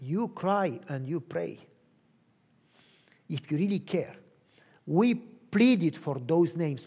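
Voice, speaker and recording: A man preaches a sermon and tells his own story with earnest conviction. He speaks in short, measured phrases. His voice sits high for a man. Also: lively intonation, warm tone, breathy edge. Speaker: pastor. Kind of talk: sermon testimony.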